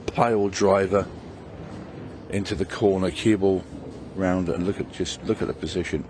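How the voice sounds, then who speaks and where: A man's voice: deep voice, steady tone, normal speed, music in the background. A man, a former player, giving laid-back co-commentary on a pool match. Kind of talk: live sports commentary.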